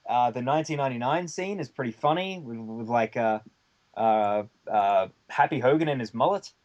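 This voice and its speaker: A man's voice: medium pitch, animated, normal speed, darkish tone, muffled recording. Chatty man telling a rambling story. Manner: rambling anecdote with many fillers and casual swearing. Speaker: podcast guest. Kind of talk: casual storytelling chat.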